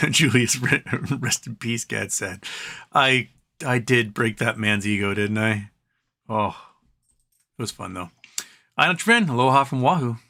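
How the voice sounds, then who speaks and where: Male stream host, bright tone, loose rambling delivery with lots of ums. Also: mid-range voice, animated, a little slow, long pauses. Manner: rambling, reads viewer comments aloud, frequent ums. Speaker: livestream host. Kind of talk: casual live-stream chat.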